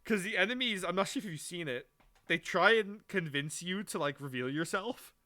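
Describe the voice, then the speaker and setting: A young man on a casual podcast with a bright, slightly high voice. He rambles with restarts and trail-offs and swears freely. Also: expressive, normal speed. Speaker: podcast co-host. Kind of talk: casual chat.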